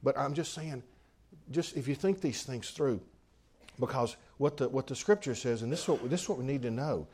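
A pastor preaching a sermon in a conversational way, often restarting and repeating phrases. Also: male voice, mid-range voice, moderate pace, darkish tone, husky.

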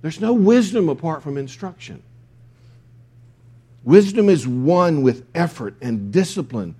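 Male pastor, sermon delivery, lively intonation, mellow tone, emphatic and repetitive. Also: on the high side, measured pace, husky. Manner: emphatic, repeats key phrases.

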